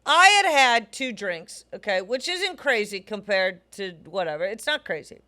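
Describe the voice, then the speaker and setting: A woman's voice: medium pitch, big pitch swings, moderate pace, pushed and bright. A young adult woman co-hosting a comedy podcast, telling stories emphatically in casual chat and swearing freely. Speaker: podcast co-host.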